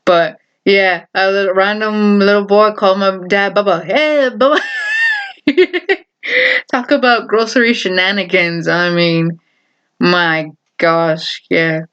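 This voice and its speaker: A woman's voice: mid-range voice, flat delivery, unhurried, fairly bright tone, clean tone. A woman vlogger telling a story in a casual, rambling way, full of fillers and laughter. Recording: dull lo-fi recording.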